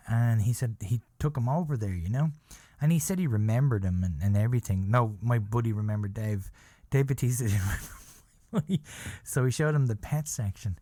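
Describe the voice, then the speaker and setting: A man's voice: mid-range voice, brisk, dark tone, no echo. Brief: casual male podcaster, rambling and sweary, dry close mic. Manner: rambling, profane, self-deprecating. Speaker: podcast host. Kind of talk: casual storytelling. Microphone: podcast microphone.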